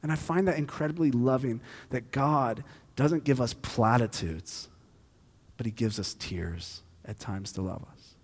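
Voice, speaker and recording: A man preaching a sermon, shifting between quiet, hushed stretches and loud, intense passages. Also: medium pitch, measured pace, in a large hall. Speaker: pastor.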